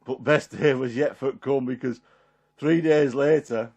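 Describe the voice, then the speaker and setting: A man's voice: mid-range voice, unhurried, a little mellow, slightly rough. A man playing Peter, a chatty fisherman. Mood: homely. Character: apostle Peter, middle-aged fisherman, homely and warm-hearted. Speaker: performer in a one-man Bible drama. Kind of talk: dramatic character monologue.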